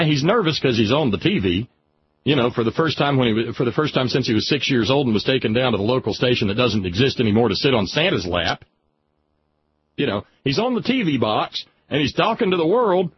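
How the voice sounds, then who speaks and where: A man from Alabama co-hosting a political talk radio show, ranting with passion in a raspy voice. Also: mid-range voice, a little hiss or hum. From Alabama, USA. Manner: impassioned, emphatic ranting. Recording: lo-fi radio broadcast.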